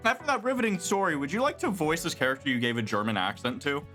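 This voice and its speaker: This is a streamer co-host trading playful jabs during a casual game stream. The voice has a bright, sharp edge and moves a lot in pitch. Faint music sits behind the talk. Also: lively intonation, quick pace. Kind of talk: casual gaming-stream chat.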